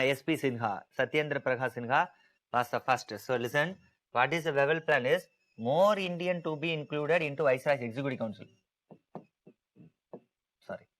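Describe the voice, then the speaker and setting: A man's voice: medium pitch, a bit bright, low-quality recording. Man teaching an emphatic, repetitive lecture. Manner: repetitive, emphatic, asks students to type answers. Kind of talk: online exam-prep lecture.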